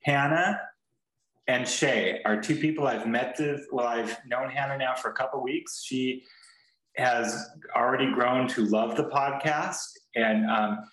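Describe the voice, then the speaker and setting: A man co-hosting a podcast, talking in a loose, rambling way that keeps doubling back and restarting. He swears casually, and his voice sits at an ordinary middle pitch. The room around him rings with a noticeable echo. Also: unhurried, a bit bright. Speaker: podcast co-host. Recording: roomy echo.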